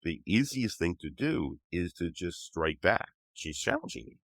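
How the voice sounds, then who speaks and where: A man's voice: deep voice, big pitch swings, measured pace, a bit bright, no echo. An older man with a cold, patiently explaining ideas as a guest author in an interview. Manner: patient, teaching tone. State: has a cold.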